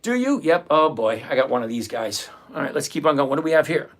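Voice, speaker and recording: A man's voice: on the high side, big pitch swings, fast. A man hosting a live trading stream, answering chat and repeating his points emphatically. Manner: emphatic, repeats key phrases, lectures; reads viewer comments aloud. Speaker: livestream trading host.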